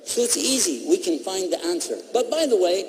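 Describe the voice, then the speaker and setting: A man's voice: sits high, expressive, fairly quick, darkish tone. A man acting as an Islamic preacher, answering a question from the audience with a conversational, storytelling delivery, recorded in a lecture hall.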